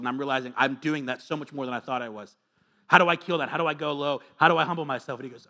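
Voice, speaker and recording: Man, pastor, sermon, bright forceful voice, earnest, emphatic repetition. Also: mid-range voice, fairly even intonation, very fast. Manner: earnest and confessional, swinging from soft asides to emphatic repetition.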